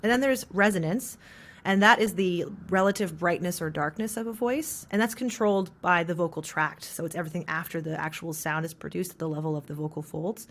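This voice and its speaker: A trans non-binary voice teacher in an interview, explaining how voices are shaped and demonstrating pitch and resonance shifts. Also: fairly quick, fairly bright tone.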